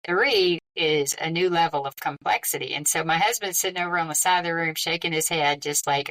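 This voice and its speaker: A middle-aged woman, a podcast guest, telling a personal story in a lively, conversational way. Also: deep voice, fairly quick, few pauses, distant mic, rough recording. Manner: lively, conversational, with frequent quoted dialogue.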